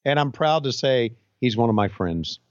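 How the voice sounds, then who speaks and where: A man's voice: mid-range voice, lively intonation, normal speed, clean tone, dry recording. Older man, laid-back, dull lo-fi sound. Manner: laid-back, chuckling reactions. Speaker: podcast co-host. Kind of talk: casual podcast chat.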